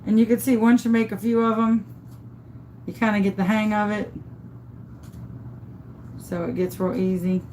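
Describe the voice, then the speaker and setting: A woman's voice: medium pitch, flat delivery, moderate pace, long pauses, darkish tone, slight background noise, low-quality recording. A woman giving a casual hands-on crafting tutorial, chatty and thinking aloud as she works. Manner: chatty, thinks aloud, often gushes over the work. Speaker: crafter demonstrating epoxy tumbler making.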